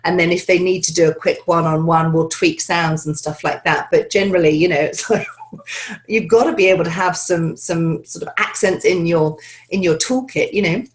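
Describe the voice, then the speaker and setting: A woman voice actor talking casually in an interview, chatty and animated, with many fillers and restarts. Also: fairly low pitch, normal speed. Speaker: voice actor guest.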